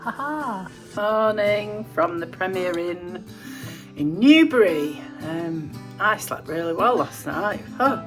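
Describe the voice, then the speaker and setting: A middle-aged woman with a Yorkshire accent, a touring folk musician chatting through a video diary, often dropping into hushed near-whispered asides. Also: fairly low pitch, animated, slow, low-quality recording. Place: van and hotel rooms on tour. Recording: clear music playing behind.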